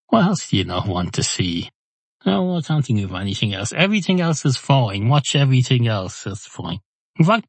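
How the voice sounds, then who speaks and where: A man's voice: lowish voice, dry recording. A middle-aged man, hosting a podcast in a rambling, wry, self-interrupting comic monologue. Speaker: podcast host.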